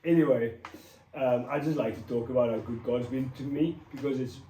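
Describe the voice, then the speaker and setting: A man talking in a casual devotional vlog, animated and a bit preachy, rambling with restarts. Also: mid-range voice, a little fast, a little hiss or hum. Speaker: vlogger. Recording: roomy echo, mic at a distance.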